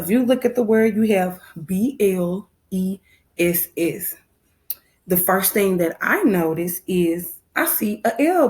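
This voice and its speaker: Slow, patient woman teaching phonics. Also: medium pitch. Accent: Southern American. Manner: patient, repeats instructions slowly. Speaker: first grade teacher. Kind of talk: recorded phonics lesson.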